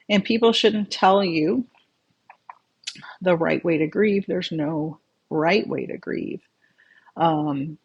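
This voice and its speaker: A medium in a casual livestream chat, calmly reading out viewer comments and answering with advice. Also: mid-range voice, husky. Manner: calm, conversational, reads out viewer comments and replies.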